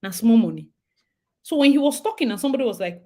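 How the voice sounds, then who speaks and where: A young woman with a Nigerian accent, hosting a casual talk and chatting in a lively way with bits of Pidgin. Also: high voice, very fast. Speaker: host. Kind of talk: casual monologue.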